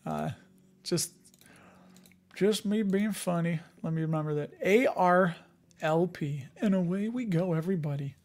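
A man's voice: high-pitched, a little slow, darkish tone. A man hosting a casual live stream about investing, chatting with viewers, joking at himself and thinking aloud with many fillers. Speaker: host of a dividend investing live show.

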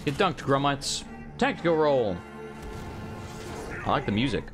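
A man hosting a let's play, casually commenting on his gameplay with jokes, swearing and loud outbursts. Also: mid-range voice, big pitch swings, unhurried. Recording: game music in background.

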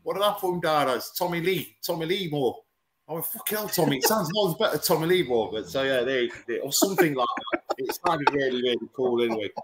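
A man's voice: fairly high pitch, animated, a little fast, very noisy. A man, a martial arts guest on a talk show, telling stories in casual banter, swearing, mimicking people and laughing often.

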